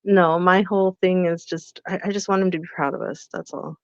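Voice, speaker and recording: A middle-aged woman co-hosting a podcast, telling animated stories about her son and quoting what each of them said. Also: fairly low pitch, a little fast, dry recording. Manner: animated storytelling, quotes herself and her son. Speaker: podcast co-host. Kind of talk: casual chat. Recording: dull lo-fi podcast mic.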